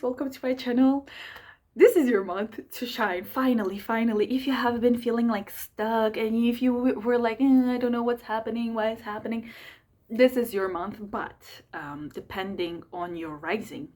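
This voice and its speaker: Young woman doing a horoscope video, super quick and chatty, lots of ums, talks straight to her viewers. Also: mid-range voice. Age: young adult. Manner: rapid, energetic and chatty, with many fillers. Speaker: astrologer and channel host. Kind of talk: fast casual monthly horoscope talk to camera.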